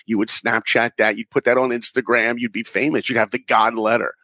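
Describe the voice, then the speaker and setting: Husky, earnest storytelling man. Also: mid-range voice, flat delivery, brisk, bright, forceful tone, dry recording. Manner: earnest storyteller, acts out quoted voices. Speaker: guest animator and director. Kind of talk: podcast interview.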